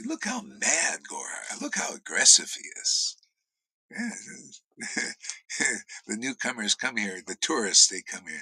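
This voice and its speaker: A man teaching on devotion in a blunt, profane, informal rant, swinging between shouts and low muttered asides. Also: huge pitch swings, a little slow, breathy edge, dry recording, rough recording. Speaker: spiritual teacher.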